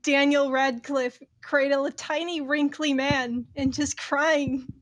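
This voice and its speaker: High-voiced woman in casual podcast chat. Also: fairly even intonation, takes it slowly. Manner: laughing storyteller, swears freely. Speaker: podcast co-host.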